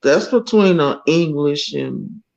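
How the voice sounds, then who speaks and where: A woman's voice: deep voice, expressive, slow, vocal fry, a little mellow, dull audio. A woman from Georgia with a Southern accent, chatting easygoingly and murmuring agreement. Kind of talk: casual group chat.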